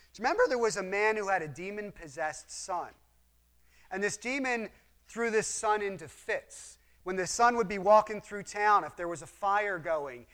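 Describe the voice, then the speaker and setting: Male Bible teacher with a high-pitched voice, earnest and explanatory, asks questions of the listeners. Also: fairly bright tone. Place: room with a map display.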